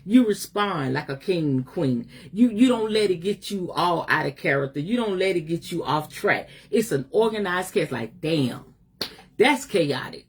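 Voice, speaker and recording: A woman's voice: lowish voice, expressive, measured pace, slightly rough. A middle-aged woman giving a livestream motivational talk as a spiritual teacher, emphatic, slangy and direct.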